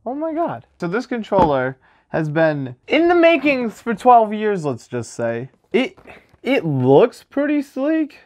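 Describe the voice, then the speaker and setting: A man's voice: high voice, slow pace. A young man hosting a casual unboxing vlog, joking and self-mocking as he talks. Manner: jokey, animated, self-mocking. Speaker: vlogger.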